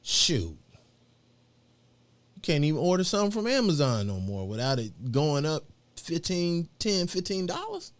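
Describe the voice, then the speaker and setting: A man's voice: a little high, huge pitch swings, a little slow. A middle-aged man hosting a live show, chatting in a rambling, slangy way with lots of fillers. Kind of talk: casual livestream chat.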